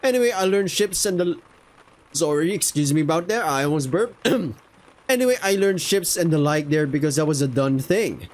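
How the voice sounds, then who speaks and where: A man's voice: fairly high pitch, expressive, normal speed, close to an everyday voice. A man voicing a chatty, boastful male falcon sailor in a game, speaking in a friendly, showing-off tone. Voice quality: friendly, show-off tone.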